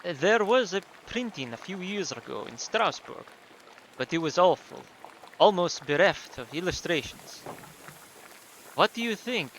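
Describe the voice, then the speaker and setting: A proud middle-aged printer with a put-on, vaguely German accent, speaking up for his craft in a video game, voiced by a man. The voice is bright and bouncy, rising and falling freely. He sounds eager to show off his new work. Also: high voice, sing-song, unhurried, a little hiss or hum, exaggerated voice.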